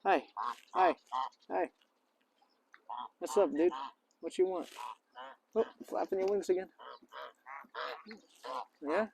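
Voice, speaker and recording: Slow and often pausing, with vocal fry and a slightly mellow tone, a man hosts a casual outdoor vlog at a lakeside park in a low-quality recording. The vlogger and English teacher chats playfully and keeps talking to the birds in a high voice as geese and ducks honk faintly.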